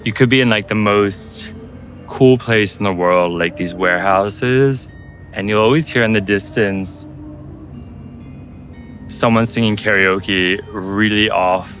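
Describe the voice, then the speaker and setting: A man telling stories on a travel vlog, chatty and animated, laughing as he talks, while out on a city trip. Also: on the low side, unhurried, soft background music. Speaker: travel vlogger. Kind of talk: casual travel vlog chat. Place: outdoors and in a restaurant on a city trip.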